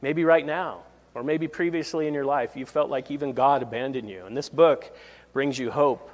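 A male pastor delivers a verse-by-verse sermon in a reverberant hall, his mid-range voice moving at a moderate pace. He keeps it conversational and chuckles at his own stories.

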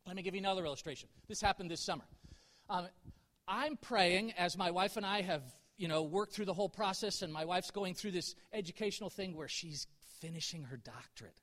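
Earnest high-voiced preacher in a reverberant hall. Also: male voice, a little fast, fairly bright tone. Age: middle-aged. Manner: earnest, candid, self-deprecating, rising to emphatic peaks. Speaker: pastor. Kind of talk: sermon.

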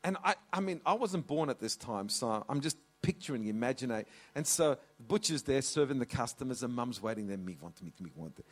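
A man's voice: mid-range voice, fairly quick, hardly any pauses. A middle-aged man, a pastor telling a family story in his sermon, often restarting with "and so". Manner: animated, repeats "and so".

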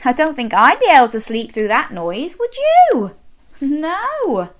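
A woman reading a picture book aloud to young children, animated and sing-song, coaxing them to join in. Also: sits high, a little slow. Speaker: children's storyteller.

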